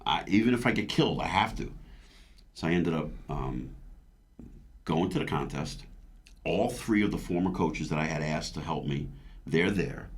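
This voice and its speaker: This is a man in his fifties with a notably deep voice, a veteran athlete being interviewed. He speaks candidly and with feeling, often stumbling and restarting, and reenacts his own past words as he recounts them. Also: expressive, moderate pace, pauses often. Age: 50s. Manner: earnest, emotional, with frequent restarts and stammers. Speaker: guest, veteran bodybuilder.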